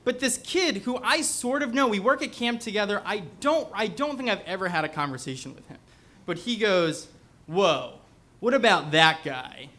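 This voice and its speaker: A man's voice: high voice, lively intonation, brisk, fairly bright tone, slight background noise. A young man telling a personal story on stage to a live audience, in a casual, rambling way full of "like" fillers. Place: bookstore event before a live audience.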